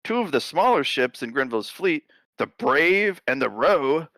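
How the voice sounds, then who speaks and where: Male podcast co-host, lively swooping delivery, casual cursing, dry close-mic sound. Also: on the high side, moderate pace, no room sound. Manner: animated, swearing, laughing often. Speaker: podcast co-host reading history. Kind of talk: casual comedic history chat.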